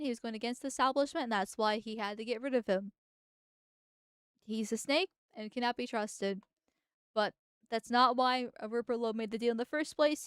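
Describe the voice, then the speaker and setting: A woman's voice: fairly high pitch, clear, resonant tone, no echo, clean studio sound. A woman hosting a casual political livestream, chatty and blunt, reacting to clips and thanking viewers. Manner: chatty, blunt, with sighs and laughs. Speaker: vtuber host.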